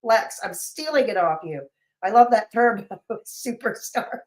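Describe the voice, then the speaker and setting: A woman's voice: medium pitch, expressive, a little slow, a little mellow. A woman hosting a livestream in casual chat, sarcastic and mocking, her voice a little off and sleepy. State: voice feels off, sleepy. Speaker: livestream host.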